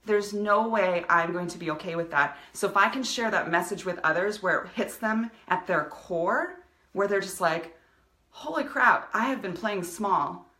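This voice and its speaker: A woman's voice: lowish voice, moderate pace, sharp tone, echoey room. A woman giving a passionate motivational talk on a live video stream, speaking as a coach to her viewers. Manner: passionate, fired-up motivational delivery. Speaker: business coach.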